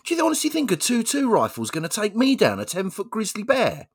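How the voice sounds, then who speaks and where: A man voicing a crude, mocking giant male grizzly bear in a told joke, with high, loud taunts. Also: wildly swooping pitch, brisk, breathy edge, heavily acted.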